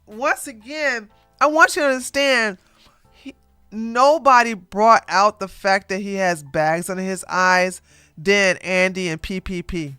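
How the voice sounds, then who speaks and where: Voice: medium pitch, measured pace, bright, forceful tone, smooth, no echo, soft background music. A YouTube drama commentator giving blunt, repetitive ranting reaction commentary into a close mic.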